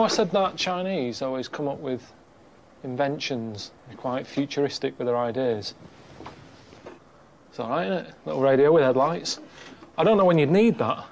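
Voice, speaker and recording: A man giving bemused, deadpan commentary while he travels. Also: medium pitch, vocal fry, slight background noise. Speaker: travel show presenter. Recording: music under the voice.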